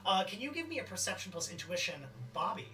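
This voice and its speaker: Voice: mid-range voice, sing-song, fast talker. Rambling game master narrating a scene. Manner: rambling, hesitant with many fillers. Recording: distant mic with faint music.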